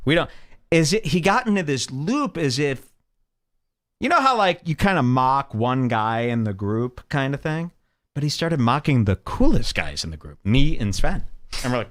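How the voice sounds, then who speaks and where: A man's voice: fairly high pitch, sing-song, moderate pace, fairly bright tone, no echo. A male podcast host telling a story in a casual, mocking way, often jumping into quoted voices.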